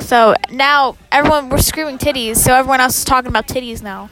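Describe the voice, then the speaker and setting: High-voiced sarcastic teen girl. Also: fairly even intonation, fast talker, few pauses, noisy background. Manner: sarcastic, complaining, profane. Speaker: student podcast co-host. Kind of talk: casual chat. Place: on a bus.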